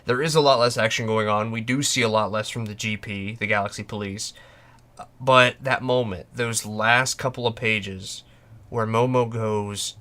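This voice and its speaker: Using a podcast microphone, a man hosts a casual fan podcast, speaking passionately and emphatically in a lowish, steady voice at normal speed that sounds pushed and bright. He frequently restarts and acts out quoted lines.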